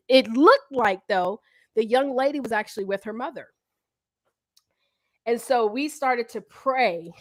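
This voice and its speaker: A woman hosting a livestream, telling a story in an animated way and talking to viewers as y'all. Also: fairly high pitch. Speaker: host. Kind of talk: livestream talk.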